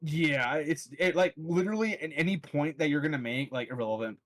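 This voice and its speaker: A young man in casual chat, telling rowdy stories with plenty of swearing. His voice sits a little high for a man. He acts out the quotes as he goes. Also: brisk. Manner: animated storyteller, swears a lot, acts out quotes.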